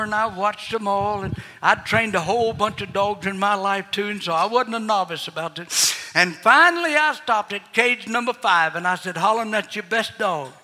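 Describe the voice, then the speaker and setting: A man's voice: sits high, pushed and bright. An older man preaching a sermon, mixing folksy personal stories with fervent exhortation in a large auditorium. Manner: folksy Southern storytelling, rising to fervent exhortation. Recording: long hall reverb.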